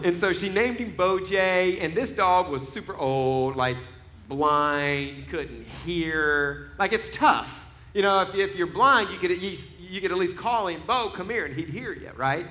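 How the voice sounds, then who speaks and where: A man in his forties preaching a sermon, telling stories in a conversational way. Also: a little high. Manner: conversational storytelling, rising to loud laughing emphasis. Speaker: pastor.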